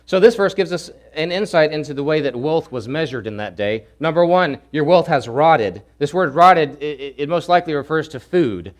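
A man preaching a sermon, swinging from loud urgent pleading to hushed, low asides. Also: lively intonation, moderate pace, hardly any pauses. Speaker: pastor.

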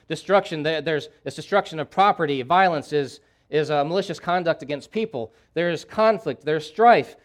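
A man's voice: fairly high pitch, animated, brisk, few pauses. A man preaching a sermon, delivering impassioned pleas and repeating key phrases for emphasis. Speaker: pastor.

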